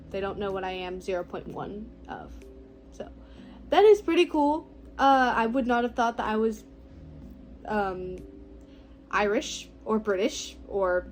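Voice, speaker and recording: A teenage girl talking casually to the camera, slow and reflective, her phrases often trailing off softly. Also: medium pitch, rough recording. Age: teens. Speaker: vlogger. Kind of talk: casual personal talk to camera.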